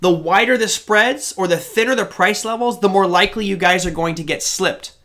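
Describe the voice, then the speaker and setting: Man, bright forceful voice, slightly high pitch, live stream host, chatty, digressive. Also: a little fast. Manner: chatty, digressive, addresses chat directly. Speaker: host of a live trading show. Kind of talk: live-stream chat answering viewers.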